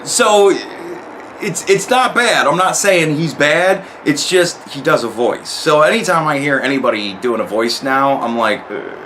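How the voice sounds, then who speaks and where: A man with a somewhat high-pitched voice talks through his review in a loose, rambling way. He swears freely and keeps stumbling over and restarting his sentences. Faint background hiss. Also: lively intonation, moderate pace, hardly any pauses, sharp tone. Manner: rambling, profane, restarts words often. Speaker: show reviewer. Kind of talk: casual review monologue.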